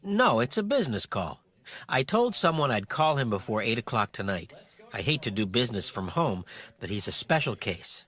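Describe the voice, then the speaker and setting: A cheerful husky dad. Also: male voice, medium pitch, very animated, moderate pace, fairly bright tone, dry recording. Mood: friendly. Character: friendly family dad, middle-aged. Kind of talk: scripted textbook dialogue.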